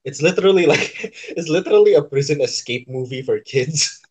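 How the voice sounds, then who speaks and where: A man with an Indonesian accent co-hosting a casual podcast, relaxed and teasing. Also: a little high, a little fast, slight background noise. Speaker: podcast co-host. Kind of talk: casual chat. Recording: dull lo-fi sound.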